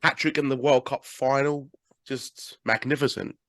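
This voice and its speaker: A British man in his thirties hosting a casual podcast interview over a call, chatty and quick to laugh. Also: mid-range voice, steady tone, a bit bright, no room sound, clean studio sound. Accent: British English. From England. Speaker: podcast host.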